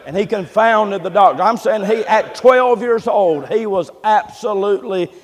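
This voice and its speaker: A man's voice: high voice, normal speed, long reverb tail. A man preaching a sermon, emphatic and repetitive, calling for amens from the congregation. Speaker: pastor.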